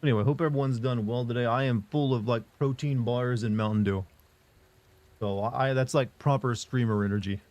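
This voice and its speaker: A young man is streaming live, chatting loosely, joking about his sore arms and reading viewer comments aloud in a rambling, jokey way. His voice is medium in pitch and a little mellow, with fairly even intonation and a fairly quick pace.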